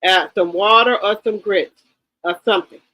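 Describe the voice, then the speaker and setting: A woman's voice: mid-range voice, normal speed, bright, forceful tone, poor audio. A woman in her fifties giving blunt, emphatic livestream commentary and often repeating her words. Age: 50s. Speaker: livestream host.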